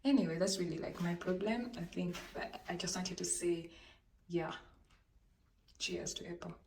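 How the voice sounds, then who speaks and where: A woman telling a dramatic storytime vlog to her viewers, talking into a handheld phone in a lively, animated way. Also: fairly low pitch, moderate pace, distant mic. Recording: roomy echo, voice off-mic, faint background noise.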